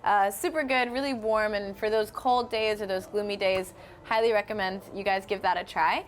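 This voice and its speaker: A woman's voice: medium pitch, steady tone, normal speed. A young woman from North Carolina, hosting a casual live-stream chat, friendly and chatty, reading viewer comments aloud. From North Carolina, USA. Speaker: host.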